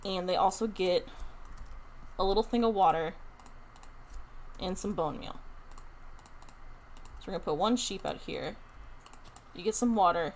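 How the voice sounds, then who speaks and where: A young woman streaming a building game, chatting casually and thinking aloud in an excited, talkative way. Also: mid-range voice, normal speed, pauses often, a little hiss or hum. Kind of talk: casual live-stream chat while playing a building game.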